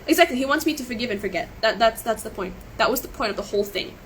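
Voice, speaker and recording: On a live stream captured by a webcam or phone, an upset, emotional woman recounts events in a fast, animated voice that is on the high side and fairly bright. She rambles, repeating and restarting her sentences, in a low-quality recording with slight background noise.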